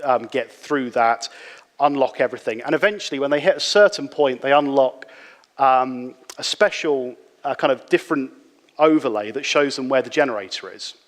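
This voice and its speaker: A man giving a relaxed, conversational conference talk, with frequent fillers and restarts. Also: medium pitch, moderate pace. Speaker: conference speaker. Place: conference hall. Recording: reverberant hall.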